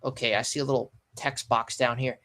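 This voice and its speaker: A sleepy, yawning man doing a casual live read-through and reaction, pausing often with ums and restarts. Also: mid-range voice, little pitch movement, sharp tone. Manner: halting, stops often with ums and restarts while reading. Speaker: live manga reaction streamer.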